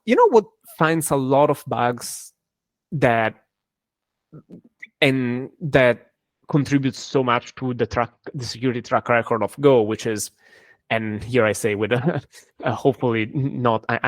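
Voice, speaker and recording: A man speaking as a guest in an interview, answering thoughtfully with frequent pauses and restarts. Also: medium pitch, creaky, no echo. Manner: thoughtful, hesitant with many fillers and restarts. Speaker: cryptography engineer and guest.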